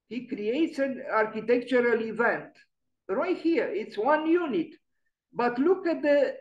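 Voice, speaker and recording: A man's voice: very high-pitched, darkish tone, dull audio. A man giving an online lecture on architecture, musing and emphatic, often restarting his sentences. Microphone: video call.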